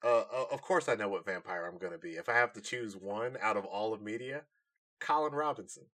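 A man co-hosting a podcast in casual chat, animated and laughing often. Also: lowish voice, a little fast. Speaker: podcast co-host.

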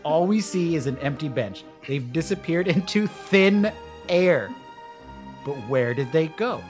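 Brief: easygoing woman co-host reading stage directions, deep voice, slow pace. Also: lively intonation, a little mellow, faint music behind. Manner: easygoing, laughs often. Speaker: podcast co-host.

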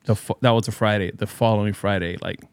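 A man's voice: on the low side, fairly even intonation, fast, smooth, dry recording, studio quality. A man and DJ telling a story in casual chat with friends, loose and profane with bro slang.

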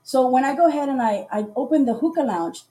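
With a high voice and a quick pace, a woman hosts a casual live podcast and dives into a dating story. She tells it animatedly, laughing often and playing out people's lines.

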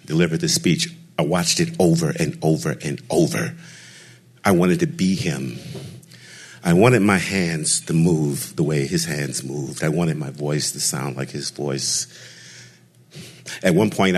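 A man telling a personal story in an expressive, rhythmic way, with deliberate pauses. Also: deep voice. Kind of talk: storytelling performance.

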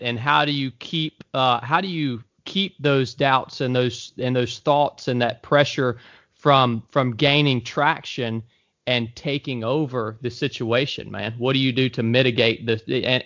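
A man's voice: mid-range voice, a bit bright. Male podcast host, encouraging, rambling questions, dull audio. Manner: encouraging, calls listener "man", restarts questions. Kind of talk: casual podcast conversation.

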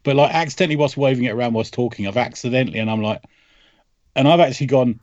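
A man's voice: medium pitch, fast, no room sound, highs cut off. A man on a podcast, chatting casually about comics, telling stories with laughs and acting out quoted lines. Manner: animated storytelling, laughs often, acts out quoted lines. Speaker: podcast host.

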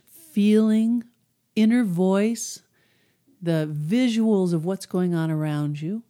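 A middle-aged woman hosting a podcast, explaining mind techniques in a relaxed, conversational way and briefly acting out people's inner voices. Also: mid-range voice. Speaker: podcast host, hypnosis coach. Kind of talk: casual teaching monologue.

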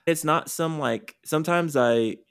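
A man's voice: on the high side, measured pace, fairly bright tone, clear, resonant tone. A man hosting a podcast interview, talking candidly in a rambling, self-interrupting way. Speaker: podcast host and career coach. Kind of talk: casual conversational interview.

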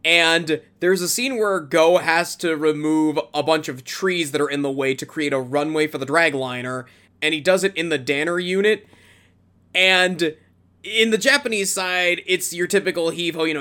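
A man chats on a podcast, gushing with enthusiasm. His voice is bright and forceful. It also sits slightly higher than most men's. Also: normal speed. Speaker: podcast co-host. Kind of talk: casual podcast chat.

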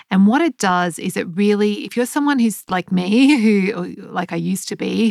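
A woman's voice: medium pitch, creaky, no echo, studio quality. A woman, hosting a podcast in a casual, upbeat monologue with frequent little laughs and fillers. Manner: chatty, upbeat, laughs often, many fillers. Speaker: podcast host.

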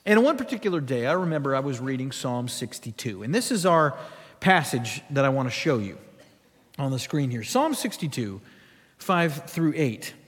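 A man's voice: mid-range voice, very animated, moderate pace, breathy edge, long reverb tail. A man preaching a sermon as a pastor, telling a story with humorous asides.

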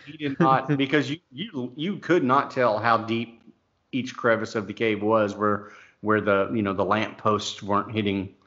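A man's voice: fairly low pitch, steady tone, measured pace, fairly bright tone. Chatty man in casual talk. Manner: chatty, laughs along. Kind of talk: casual chat. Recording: dull lo-fi audio.

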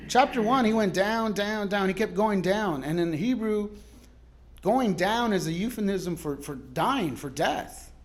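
A man's voice: high-pitched, expressive, unhurried, slight background noise. Laid-back storytelling man preaching. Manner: casual storytelling, laughs often, shifts loud and soft. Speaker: guest pastor. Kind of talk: sermon.

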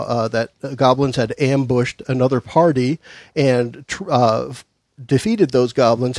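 A man's voice: mid-range voice, a little mellow, dry recording. Male podcast host and game master, casual, dry close sound, some stumbles. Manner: halting, repeats words while recapping.

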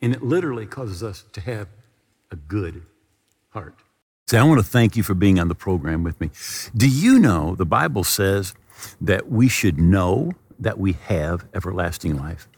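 A man's voice: deep voice, lively intonation, moderate pace, a little mellow, breathy edge, long reverb tail. A man preaching a television sermon, telling a personal story and leading viewers in prayer. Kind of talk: sermon with altar call.

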